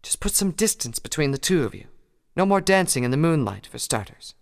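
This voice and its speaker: A man's voice: on the high side, very animated, a little fast, vocal fry, voice pushed up. A man voicing a refined, fussy female pony who talks in a genteel, dramatic way, read as a storybook. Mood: firm. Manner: genteel, prim, dramatic phrasing. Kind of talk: fan fiction audiobook reading. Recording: long hall reverb.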